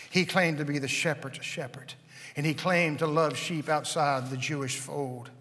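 A man preaching a sermon, dramatic, dropping to a hush and then rising to a shout as he acts out the voices of the people in his story. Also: on the high side, fairly even intonation, unhurried. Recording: long hall reverb.

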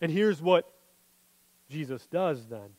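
Male pastor, high voice, earnest sermon delivery, long reverb tail. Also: lively intonation, takes it slowly. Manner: earnest preaching, drops to a hushed voice when quoting scripture.

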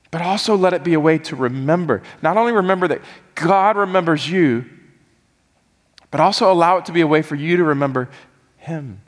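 A male pastor delivers an earnest sermon, his voice a touch higher than most men's. He leans into fervent, pleading passages of prayer. The sound carries a long church-hall reverb. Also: normal speed.

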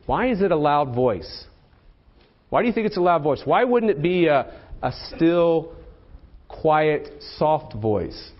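A man's voice: fairly high pitch, sing-song, a little slow. A man preaching a sermon in a conversational way, asking his congregation rhetorical questions and tagging lines with "okay?" and "right?". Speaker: pastor. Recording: slightly dull lo-fi sermon recording.

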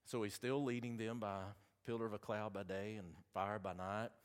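A man with a Southern accent preaching a sermon, reading scripture and making folksy, animated asides to the congregation. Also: on the low side, normal speed, clear, resonant tone.

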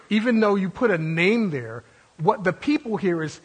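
A man preaching a sermon as pastor, swinging between booming proclamations and sudden quiet drops, with filler words as he reasons aloud. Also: lively intonation, moderate pace, slightly rough.

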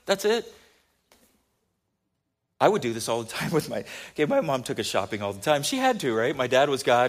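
A male pastor giving a sermon, telling stories animatedly and swinging from loud passages to hushed ones. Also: a little high.

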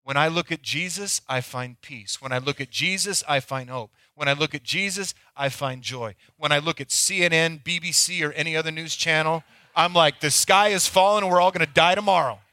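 A man preaches to his church with a bright, slightly high voice, swinging between loud, pleading bursts and hushed, close-to-whisper moments. The sound is dry and close. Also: normal speed, no room sound. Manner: dynamic preaching, swinging from loud acted pleas to near-whispers. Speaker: pastor. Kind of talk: sermon.

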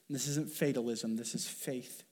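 A man's voice: mid-range voice, fairly even intonation, moderate pace, darkish tone, slightly rough. A man preaching a sermon as pastor, talking in an earnest, conversational way with fillers and restarts.

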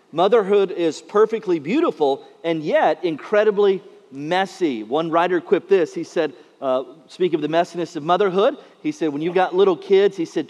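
A man's voice: sits high, big-room sound. A man preaching a sermon as a pastor, in a conversational way with many filler uhs.

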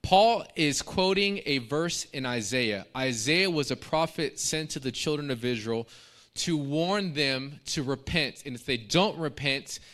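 A man preaching a sermon in a bright, forceful voice. He reads scripture and breaks off into quick asides, calling out prompts to his congregation. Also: on the high side, expressive. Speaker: pastor.

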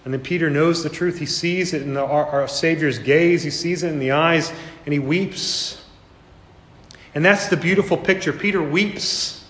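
A man preaching a sermon as a pastor, earnest, slowing down and repeating phrases for emphasis. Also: a little high, fairly even intonation, a bit bright. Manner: earnest, with dramatic slow emphasis and repetition. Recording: echoey hall reverb.

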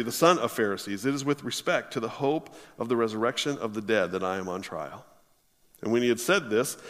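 A man preaching a sermon, reading scripture aloud and then expounding on it with emphatic, drawn-out stresses. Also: medium pitch, a bit bright, in a large hall.

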